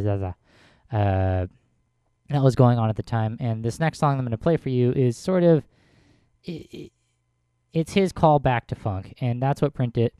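Mellow, smooth-voiced male radio DJ. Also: mid-range voice, no echo, studio quality. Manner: relaxed, rambling, trips over words. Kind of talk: casual radio music show hosting. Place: radio studio.

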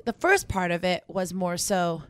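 With a lowish voice and wide swings in pitch, a young woman co-hosting a campus radio show gives casual advice, reflective and chatty with brief asides. The sound is dry and close, free of room noise.

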